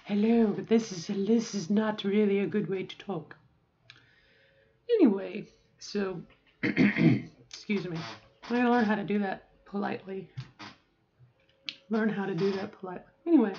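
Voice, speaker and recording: A woman's voice: medium pitch, normal speed, pauses often, lo-fi sound. A middle-aged woman talking casually to camera, rambling with asides and often checking in with "okay?". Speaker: vlogger.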